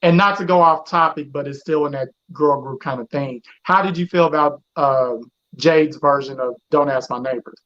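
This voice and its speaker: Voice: mid-range voice, moderate pace, a bit bright. A host chatting casually with a guest, listening closely and answering with frequent short agreements. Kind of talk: casual chat interview. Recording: dull lo-fi audio.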